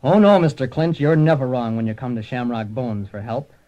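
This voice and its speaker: A man's voice: mid-range voice, brisk, dark tone, natural voice. A man narrating and playing a bumbling, wisecracking private detective in a radio comedy. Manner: breezy, punning, self-satisfied. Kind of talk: comic radio narration and acting. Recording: dull lo-fi old radio recording.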